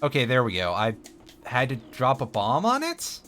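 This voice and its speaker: Wry, bright-voiced male game streamer. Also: mid-range voice, wildly swooping pitch, moderate pace. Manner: wry, self-mocking, talks to chat. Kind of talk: live gameplay commentary. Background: faint game music.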